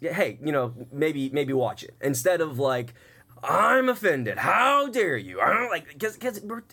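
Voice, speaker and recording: A man hosting a casual radio chat show, telling stories in a lively way and acting out other people's voices. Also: mid-range voice. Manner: animated storyteller, acts out other voices. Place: radio studio.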